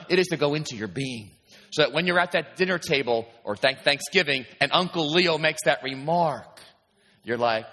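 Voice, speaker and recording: A man preaching a sermon in an emphatic, animated way, often pausing to ask his listeners if they understand. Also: medium pitch. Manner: emphatic, repeatedly asking "do you understand?". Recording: long hall reverb.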